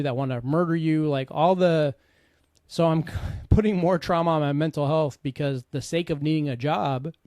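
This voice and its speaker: Earnest middle-aged man, higher-pitched. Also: darkish tone, clear, resonant tone, no echo, clean studio sound. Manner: earnest, conversational, with frequent asides. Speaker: podcast host and coach. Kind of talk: candid personal storytelling.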